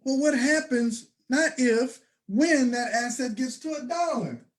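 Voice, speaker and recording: Emphatic man pitching to a crowd. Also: expressive. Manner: emphatic, preacher-like, with bursts of shouting and slow stressed phrases. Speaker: presenter. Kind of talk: motivational sales talk to an audience.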